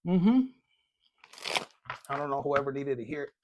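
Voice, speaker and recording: A man's voice: mid-range voice, muffled recording, background noise. A man giving a casual collective tarot reading, blunt and profane, joking and dropping in Spanish slang. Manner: reads card messages aloud slowly. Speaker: tarot reader.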